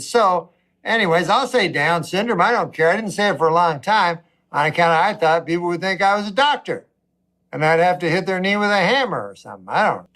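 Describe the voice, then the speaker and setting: Middle-aged man, comedian, deadpan, rambling, high voice. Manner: deadpan, rambling, mock-outraged asides. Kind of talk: deadpan stand-up storytelling.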